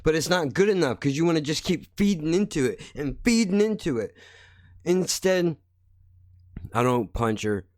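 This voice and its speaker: A man's voice: a little high, lively intonation, normal speed, darkish tone, no room sound. Podcast host, male, heated profane rant, close dry mic. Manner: blunt, heated, swears constantly. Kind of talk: angry profane monologue.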